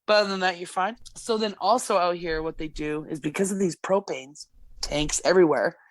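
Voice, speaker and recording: With a fairly low pitch and a brisk delivery in a dry recording, a woman from Alberta, Canada, rambles through work stories from her job as a gas service technician. On this casual podcast she's blunt and swears freely.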